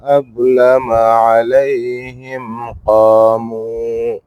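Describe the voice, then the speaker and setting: A man reciting scripture in a slow, measured chant. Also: mid-range voice, flat delivery, faint music behind. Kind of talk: Qur'anic recitation. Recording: slightly dull lo-fi sound.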